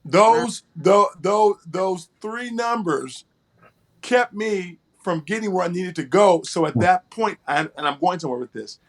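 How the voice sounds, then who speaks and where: A man's voice: high-pitched, expressive, a little slow. A man co-hosting an interview, telling a personal story in an earnest way and often repeating words as he starts a phrase. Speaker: co-host.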